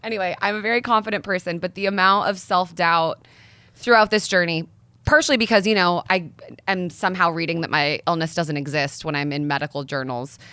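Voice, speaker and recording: A young woman talks in an earnest, articulate way, making her case as an interview guest. Her voice sits a little low for a woman. The sound is dry and close, with no room echo. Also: steady tone, brisk, sharp tone, clean tone. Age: young adult. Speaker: guest, nonprofit founder. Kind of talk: sit-down interview conversation.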